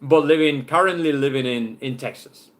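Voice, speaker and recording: Chatty Spanish-accented man, higher voice. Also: normal speed. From Spain. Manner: chatty, loose, often restarts with "right?" and "I mean". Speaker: football channel host. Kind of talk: casual live-stream chat.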